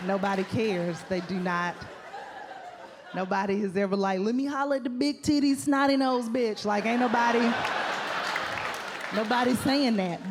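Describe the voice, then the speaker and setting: Woman comic, stand-up set, animated storyteller who acts out her quotes, stage mic with noise and audience laughter. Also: mid-range voice. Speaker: stand-up comedian. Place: comedy club stage.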